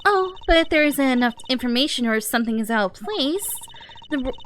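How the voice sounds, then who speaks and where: A woman's voice: sits high, animated, a little fast, fairly bright tone, faint music behind. A woman voicing a young, cheerful female master thief in a fan voice-over of a game, speaking in a perky, eager-to-help way.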